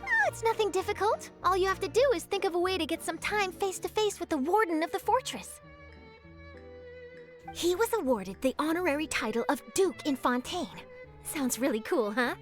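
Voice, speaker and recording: A nosy young reporter. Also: female voice, very high-pitched, very animated, moderate pace. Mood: eager. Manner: theatrical, gossipy, mutters asides to herself. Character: nosy young female newspaper reporter, eager for scoops. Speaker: journalist. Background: game music.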